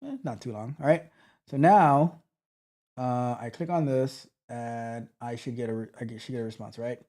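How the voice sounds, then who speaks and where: During a live coding walkthrough, a tech coach thinks out loud in a warm, mid-range voice. His speech halts and restarts and often trails away.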